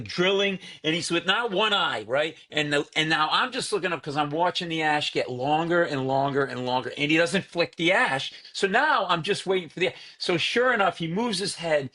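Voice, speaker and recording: Animated man telling family stories. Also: on the high side. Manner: animated storyteller, acts out voices of relatives. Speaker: comedian guest. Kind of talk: storytelling in casual chat.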